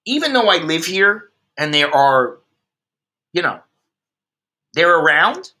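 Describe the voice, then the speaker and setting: A man's voice: high-pitched, very animated, unhurried, pauses often, sharp tone. An American man hosting a livestream, ranting about the news in a blunt, sarcastic, heavily profane way. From United States. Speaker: expat livestream host. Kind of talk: ranting commentary.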